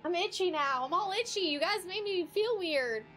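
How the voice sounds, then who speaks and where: High-voiced woman streaming a game. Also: normal speed, faint music behind. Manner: emotional, rambling, thanking chat, excitable. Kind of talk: live gameplay stream chat. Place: home streaming setup.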